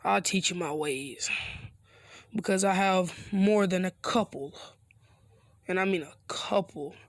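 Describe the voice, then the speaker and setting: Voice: mid-range voice, measured pace, no echo, studio quality, lightly acted. A narrator voicing a scheming male fox spirit sealed inside a boy, in a casual, slangy storytelling voice. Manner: casual, loose slang delivery.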